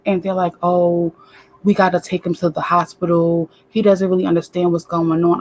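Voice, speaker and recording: A woman's voice: fairly low pitch, normal speed. Woman guest telling a wild story, swears a lot, does everyone's voices, casual chat. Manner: animated, profane, acts out voices.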